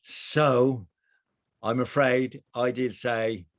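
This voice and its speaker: Man, middle-aged, story-led talk, video call, boat kitchen, animated, restarts sentences, mid pitch. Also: extremely slow. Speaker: speaker. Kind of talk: storytelling presentation. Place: narrowboat kitchen.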